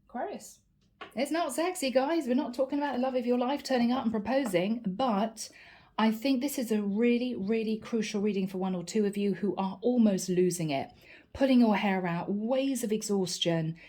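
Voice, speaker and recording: A woman's voice: fairly high pitch, mellow. Chatty woman reading tarot. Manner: chatty, reassuring, acts out little quoted grumbles. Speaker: tarot reader. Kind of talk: channeled tarot reading to camera.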